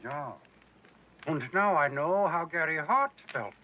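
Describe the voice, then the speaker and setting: A man's voice: on the high side, expressive, slow pace, slight background noise. An actor playing a feeble old German-accented male ex-Nazi professor who pleads and twists the blame. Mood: sly. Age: older. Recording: dull lo-fi TV audio.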